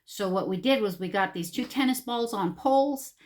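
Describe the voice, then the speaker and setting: A woman's voice: medium pitch, moderate pace. A middle-aged woman, chatting animatedly and full of fillers while she does her makeup for a get-ready-with-me video. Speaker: beauty vlogger.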